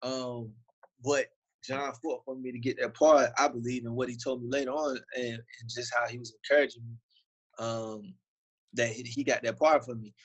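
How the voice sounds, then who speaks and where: Southern guy from virginia, husky voice, laid back slangy interview chat. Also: mid-range voice, steady tone, moderate pace, a bit bright, rough recording. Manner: loose, slangy, many fillers. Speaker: actor, interview guest. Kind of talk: casual interview storytelling.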